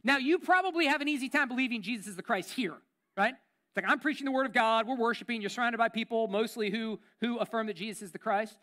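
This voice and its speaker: A man preaching a sermon as a pastor, conversational and emphatic, repeating key phrases and sinking into a low, intense tone. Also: fast, bright, forceful tone.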